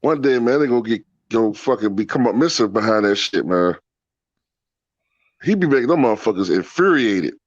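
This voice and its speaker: A man's voice: lowish voice, expressive, fairly quick, no room sound. A man hosting a casual chat, telling stories with lots of cursing and laughter. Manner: profane, laughing storyteller. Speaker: channel host. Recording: dull, dry lo-fi sound.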